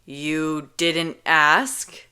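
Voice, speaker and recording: A woman voicing an impatient, blunt young man in a storybook reading, speaking slowly and loudly with annoyance. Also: deep voice, steady tone, smooth. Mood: fed up. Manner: slow, loud, annoyed.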